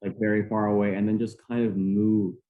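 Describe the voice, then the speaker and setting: A man's voice: lowish voice, flat delivery, fairly quick, narrow, tinny audio. A man, a guest climber, chatting casually on a podcast with many fillers.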